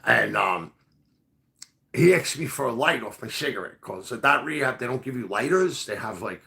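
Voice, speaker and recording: Male podcast host, forceful and animated, rambling casual storyteller. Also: medium pitch, normal speed, creaky. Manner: profane, rambling, full of fillers.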